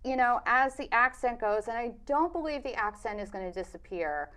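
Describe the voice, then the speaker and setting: A woman filmmaker answering interview questions in a thoughtful, measured way, pausing on fillers. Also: a little high, lively intonation, a bit bright. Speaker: documentary filmmaker, interview guest.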